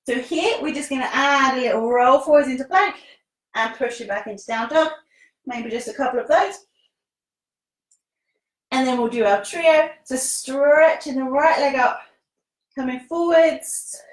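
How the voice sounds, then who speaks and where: Breathy, high-voiced yoga teacher. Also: female voice. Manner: encouraging, laughs often, casual British phrasing. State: somewhat out of breath while exercising. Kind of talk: live-streamed yoga class instruction. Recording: echoey room, voice from the mic's distance.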